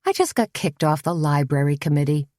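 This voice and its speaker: Woman reading as a brisk middle-aged café owner, firm and clipped, dry audiobook sound. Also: low-pitched, animated, darkish tone, no room sound. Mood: wry.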